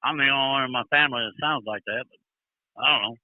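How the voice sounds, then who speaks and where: A man playing a gruff, profane older trucker caller with a Southern accent, drawling and touchy. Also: mid-range voice, quick pace, no room sound, natural voice. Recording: tinny phone line.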